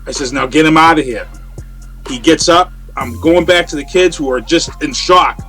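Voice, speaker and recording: A man, a guest on an interview show, telling a story in a casual, animated way over a remote call. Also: a little high, normal speed, husky, soft background music. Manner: animated, acts out quoted voices. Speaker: interview guest, radio personality. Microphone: remote call from home.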